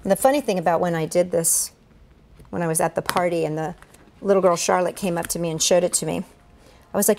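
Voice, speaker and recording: A woman's voice: lowish voice, quick pace, gravelly, a little mellow. A woman who entertains at children's events, walking viewers through a duct tape craft step by step. She talks while she works and keeps an upbeat, encouraging tone. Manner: chatty, narrates each step aloud while working with her hands.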